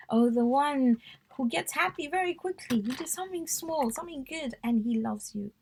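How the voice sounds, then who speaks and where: A woman teaching a religious class, her slightly high voice carrying a gravelly edge. She recites lines of a prayer and then explains each one earnestly. Her delivery moves steadily between recitation and plain explanation. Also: measured pace, mellow. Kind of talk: live religious talk explaining a supplication.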